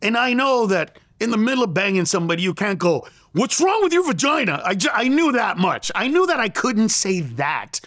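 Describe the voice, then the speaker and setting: Lively, high-voiced man telling a story. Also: brisk, hardly any pauses, dry recording, studio quality. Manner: acts out quoted lines in a raised voice. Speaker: interview guest, comedian. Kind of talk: animated storytelling.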